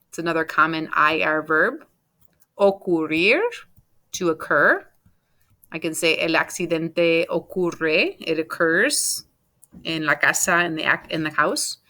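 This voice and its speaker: A woman's voice: on the low side, sharp tone. A woman teacher giving a recorded Spanish class, patiently explaining verb endings step by step and spelling them out letter by letter.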